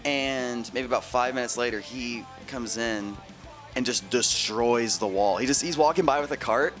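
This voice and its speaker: Animated young man telling stories over music. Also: normal speed. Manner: animated, jumps into loud high voices for quotes. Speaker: band member guest. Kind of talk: casual storytelling chat. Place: outdoor festival grounds.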